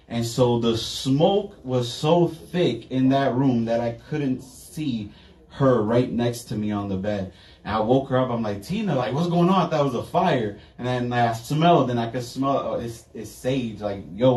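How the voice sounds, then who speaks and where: A young adult man preaching, telling his testimony in a casual, slangy way that grows animated when he quotes himself. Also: medium pitch. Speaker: evangelist. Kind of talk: testimony sermon. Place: church sanctuary. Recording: roomy church sound from a distance.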